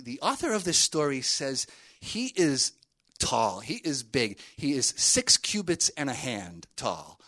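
Brief: casual male youth speaker, mid-pitched, telling a story loosely. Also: bright, forceful tone. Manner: conversational, with many fillers and asides. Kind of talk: storytelling sermon to a group.

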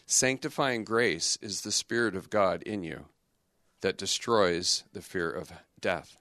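A middle-aged man, a religious brother, giving a lively youth talk in a conversational, joking way full of rhetorical questions. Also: sits low, slow pace, no echo, studio quality.

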